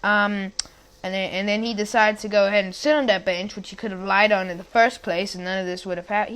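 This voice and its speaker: A woman's voice: medium pitch, steady tone, fast, a bit bright, clean tone. A young woman tells a story in a loose, conversational way. She trips over her words, restarts her sentences and drifts into side remarks. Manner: rambling, many restarts and asides. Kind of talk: casual storytelling.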